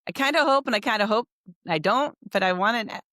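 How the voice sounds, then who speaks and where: A woman's voice: fairly high pitch, lively intonation, fast talker, sharp tone, no echo, clean studio sound. A woman hosting a podcast interview, thinking aloud in a reflective, enthusiastic way. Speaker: podcast host.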